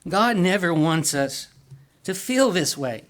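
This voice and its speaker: A man's voice: high voice, expressive, slow pace, a bit bright. A man preaching a sermon in an earnest way, asking the congregation questions and often repeating or restarting words.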